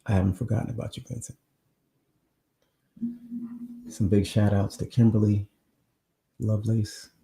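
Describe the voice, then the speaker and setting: Gravelly low-voiced man chatting live. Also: level tone, a little fast, mellow, echoey room. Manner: rambling, chatty, talks straight to viewers. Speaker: host of a live online show. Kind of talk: casual live-stream chat. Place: at his home. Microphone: new microphone.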